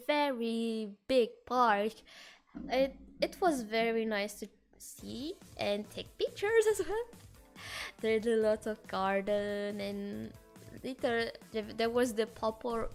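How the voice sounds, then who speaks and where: A woman with a French accent, a streamer telling stories in casual chat with hesitant fillers and animated delivery. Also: fairly high pitch. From France. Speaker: VTuber streamer.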